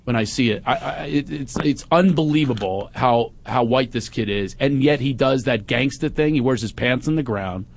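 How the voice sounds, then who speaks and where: A middle-aged man telling a family story in casual chat, acting out his teenage son with high shouted lines. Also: normal speed, vocal fry, few pauses.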